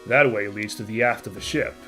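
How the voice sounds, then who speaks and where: A man streaming a story game, reading its narration aloud and breaking into chatty, excited asides. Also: fairly low pitch, a little fast, soft background music. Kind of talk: reading game text aloud with casual commentary.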